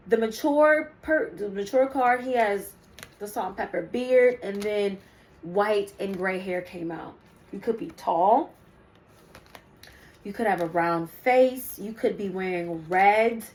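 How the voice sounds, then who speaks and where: A young woman gives her viewers a casual spiritual card reading, chatty and rambling with lots of ums and asides. Her voice is medium-pitched, and the audio quality is poor.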